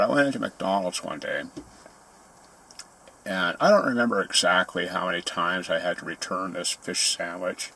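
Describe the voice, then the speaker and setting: Gravelly low-voiced man ranting. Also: fairly bright tone. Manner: grumbling, sarcastic storytelling. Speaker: vlogger. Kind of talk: casual ranting monologue.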